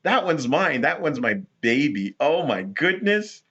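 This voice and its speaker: A woman's voice: low voice, big pitch swings, a little slow, a bit bright, dull audio, full character voice. A man mocking a smug gloating older woman. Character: smug older woman boasting of starting wars.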